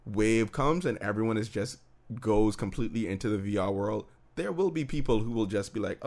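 A man's voice: on the low side, animated, fairly quick, a little mellow. A man co-hosting a podcast, chatting casually and joking loosely while reviewing a TV episode. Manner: loose, profane, joking banter. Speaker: podcast co-host.

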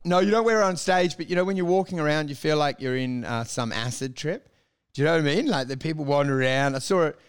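Male comic, slightly high voice, loose and sweary. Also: quick pace, clean tone. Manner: sweary, animated, slips into mocking put-on voices. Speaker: comedian, podcast co-host. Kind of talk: casual banter.

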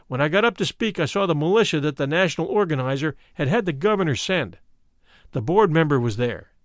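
A man giving a dramatic, expressive reading of a first-person memoir. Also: fairly high pitch, no room sound, clean studio sound. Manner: expressive, shifts to stirring emphasis. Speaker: reader.

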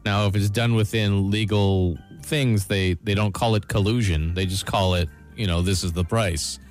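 A man co-hosts a radio chat show in a low, dry voice. He makes his points in a measured, matter-of-fact way while faint music plays underneath. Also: steady tone. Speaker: radio co-host. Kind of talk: casual chat.

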